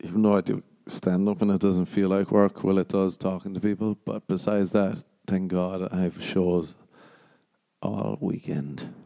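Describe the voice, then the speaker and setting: A man's voice: low voice, vocal fry, mellow, no room sound. A man hosting a solo podcast, ranting casually with lots of swearing, sardonic asides and mocking put-on voices. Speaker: podcast host.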